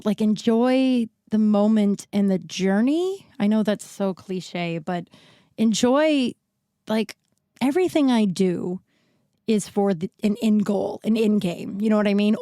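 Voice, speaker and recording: Her voice is medium-pitched and a little mellow, recorded dry on a new podcast mic. She's a frank woman in her thirties hosting a casual solo podcast, rambling with lots of likes and restarts, still unwell and short of breath, with a close sound.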